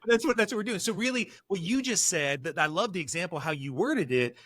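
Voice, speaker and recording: A man's voice: sits high, animated, a little fast, fairly bright tone, no echo. Earnest middle-aged male counselor, dry close sound. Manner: earnest, emphatic, acts out dialogue while storytelling. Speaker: counselor and parenting guest. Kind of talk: podcast interview.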